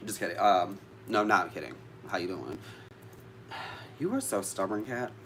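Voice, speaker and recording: A man's voice: lowish voice, a little fast, fairly bright tone, slight background noise. A man vlogging casually to live viewers about witchcraft, chatty and easily sidetracked, swearing now and then.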